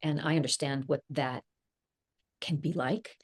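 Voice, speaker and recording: A woman's voice: deep voice, fairly even intonation, a little slow, breathy edge. A middle-aged woman, an actress being interviewed, talking in a thoughtful, rambling way with frequent laughs. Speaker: actress guest. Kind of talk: casual interview chat.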